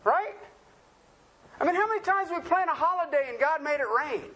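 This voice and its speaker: A man's voice: extremely high pitch, animated, brisk, pushed and bright. A man preaching a sermon in a folksy, joking way, often asking the congregation questions.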